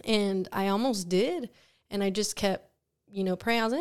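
A young woman hosting a Christian podcast, telling her personal testimony in an earnest, animated way with frequent laughs. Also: medium pitch, measured pace, clean tone. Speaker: podcast host.

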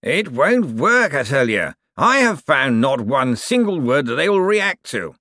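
A man's voice: mid-range voice, big pitch swings, a little slow, sharp tone, no room sound, studio quality, voice pushed up. A man voicing a stubborn, exasperated male professor in an audiobook, scornful and insistent.

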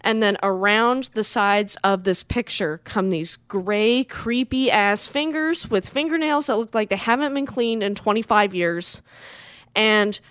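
Woman, podcast co-host, casual animated recap, dry close sound. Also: mid-range voice, unhurried, clean tone, no room sound. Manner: animated retelling, acts out characters, swears freely.

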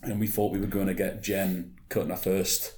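A man's voice: sits low, little pitch movement, normal speed, a little mellow, echoey room. A man co-hosting a casual podcast chat, laid-back and sweary. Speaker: podcast co-host. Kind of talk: casual chat about wrestling.

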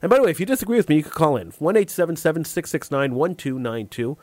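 A man hosting a call-in talk show, giving his opinions in a monologue. He often repeats words while searching for the next one and acts out imagined callers in quick back-and-forth. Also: on the high side, sing-song, a little mellow, no echo.

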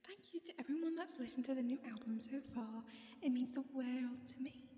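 A woman's voice: high voice, a little fast, warm tone, reverberant, big-room sound, natural voice. A woman reading a young male pop singer's tweet aloud in a put-on, hammy British accent. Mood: mock-earnest. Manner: hammy, self-mocking. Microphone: phone.

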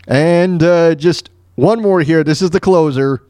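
A man's voice: fairly high pitch, unhurried, mellow, dry recording. A man hosting his own podcast, telling crude jokes and chatting loosely, laughing at his own punchlines. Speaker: podcast host. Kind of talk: casual joke-telling monologue.

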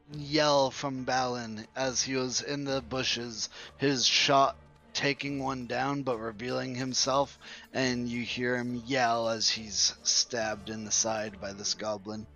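A man's voice: medium pitch, fairly even intonation, takes it slowly, fairly bright tone, faint music behind. Man running a tabletop game, lo-fi audio. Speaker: game master. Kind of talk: narrating and explaining a tabletop game. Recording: dull lo-fi audio.

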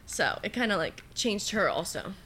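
Bright-voiced teenage girl telling a story. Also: medium pitch, very animated, moderate pace, slightly rough. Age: teens. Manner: chatty storytelling, many fillers, acts out quotes. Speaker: guest. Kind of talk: casual testimony chat.

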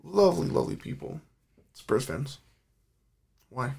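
Young male co-host, lively pitch, gravelly, casual joking banter. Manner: joking, swearing, quick banter. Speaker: podcast co-host. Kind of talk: casual chat.

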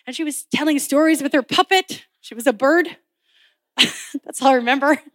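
High-voiced woman telling her testimony. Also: dry recording, clean studio sound. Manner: animated storytelling, acting out quoted voices; laughs often while telling. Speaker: speaker at a Bible college chapel. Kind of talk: personal testimony in a sermon.

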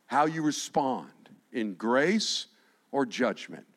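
A middle-aged male pastor preaching a sermon with passion, dropping to a hush and then rising to shouts. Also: mid-range voice, very animated, slow. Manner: impassioned, swinging from hushed to shouting.

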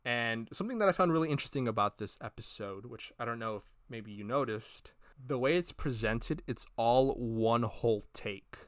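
A male podcast cohost talks through a story in a loose, rambling way, filling gaps with "like" and "uh" and acting out bits of dialogue. His voice sits at an ordinary middle pitch. The sound is close and dry, with no room around it. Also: moderate pace, hardly any pauses, no room sound. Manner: rambling, animated retelling with many fillers and acted quotes. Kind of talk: casual review chat.

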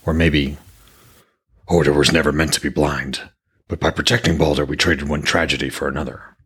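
Man playing a grim king of gods, extra deep and husky, sounds shaken, storybook. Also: fairly even intonation, normal speed, fairly bright tone, full character voice. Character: troubled old male king of gods, grim.

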